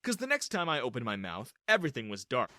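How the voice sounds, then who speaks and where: A man's voice: medium pitch, wildly swooping pitch, quick pace, noisy background. A man voicing a naive teenage boy narrating. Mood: anxious. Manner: earnest storytelling narration. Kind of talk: animated story narration.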